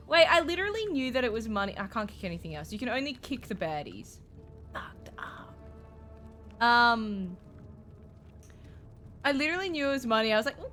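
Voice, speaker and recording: A young woman streaming a game and reacting out loud, jumpy and profane, shrieking and laughing at scares. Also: on the high side, sing-song, normal speed, pauses often, faint music behind. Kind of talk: live let's-play commentary.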